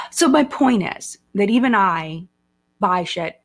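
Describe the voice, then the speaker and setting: Taking things slowly in a mid-range voice, a woman hosts a relaxed live-stream chat. Her talk is excitable and chatty, full of fillers and laughter.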